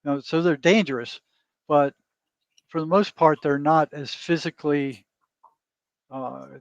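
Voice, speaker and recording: A man's voice: a little high, fairly even intonation, measured pace, no room sound. A man guest, a therapist, telling a story in casual interview talk and often adding "you know" and "right?". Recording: dull lo-fi dry sound.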